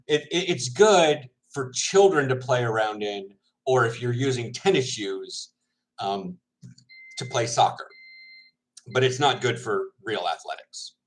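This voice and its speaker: A man's voice: mid-range voice, animated, slow, poor audio. A man, a semi-pro linebacker, chatting casually to viewers, rambling, laughing often and correcting himself, with his mouth full.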